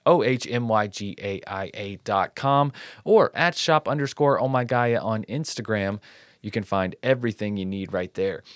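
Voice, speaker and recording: A man's voice: lowish voice, clear, resonant tone, dry recording, clean studio sound. Upbeat man reading podcast ads. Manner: upbeat, playful, rattles off sponsor copy fast. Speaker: podcast co-host. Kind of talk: casual chat and read-out ad. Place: studio.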